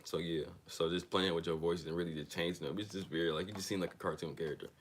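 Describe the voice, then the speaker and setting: Very low-voiced man reading aloud. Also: fairly even intonation, quick pace. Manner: stumbles and restarts while reading, drifts into loose slangy chat. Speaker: reader of a self-help book on a channel. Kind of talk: reading aloud with casual asides.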